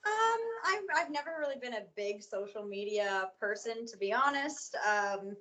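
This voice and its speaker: A woman singer answering interview questions in an easygoing, measured way. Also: mid-range voice, expressive, bright, forceful tone, poor audio. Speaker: singer and guest.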